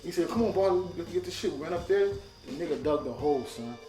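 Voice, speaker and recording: A man telling stories in a casual conversation, animated and laughing as he acts out quotes. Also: fairly high pitch, fast. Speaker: guest. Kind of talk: casual storytelling. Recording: echoey room with loud music.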